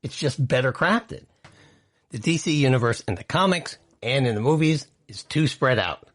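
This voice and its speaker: A man's voice: medium pitch, lively intonation, moderate pace, fairly bright tone. A man hosting an entertainment news podcast, chatty and opinionated, reading out quotes and adding his own asides. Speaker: podcast host. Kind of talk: casual entertainment news commentary.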